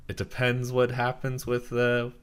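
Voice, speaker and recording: A man's voice: medium pitch, completely flat delivery, unhurried, a bit bright, smooth. A man co-hosting a podcast, chatting casually, rambling through thoughts with lots of fillers and laughing mid-sentence. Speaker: podcast co-host. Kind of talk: casual chat.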